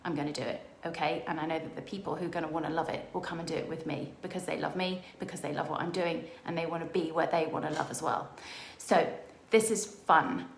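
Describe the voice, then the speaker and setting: A middle-aged woman business coach giving an enthusiastic motivational talk, telling stories with excited quoted voices. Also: sits low, quick pace, vocal fry, hardly any pauses, echoey room, a little hiss or hum. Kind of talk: motivational monologue.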